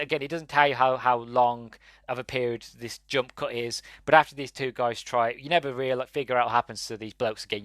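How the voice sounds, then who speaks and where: A podcast host with a mid-range, fairly bright voice reviews a movie on his own, rambling and sounding exasperated while tossing in laughing asides. The recording has no echo.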